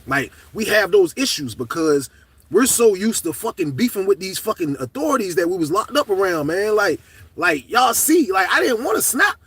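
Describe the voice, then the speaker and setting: A middle-aged man telling a story to camera in a casual, profane, animated way, shouting at the high points. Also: normal speed, breathy edge, no room sound, recorded from a distance.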